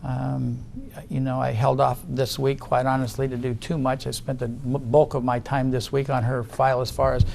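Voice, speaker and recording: A man's voice: mid-range voice, level tone, moderate pace, vocal fry, a little mellow, a little hiss or hum. A middle-aged man giving deposition testimony, guarded and insistent, often restarting his sentences. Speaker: witness in a legal deposition.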